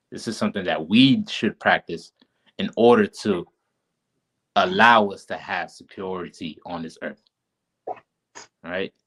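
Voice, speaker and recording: A man's voice: low voice, fairly bright tone, rough recording. A man teaching a class casually over a live stream, informal and often checking in with his listeners.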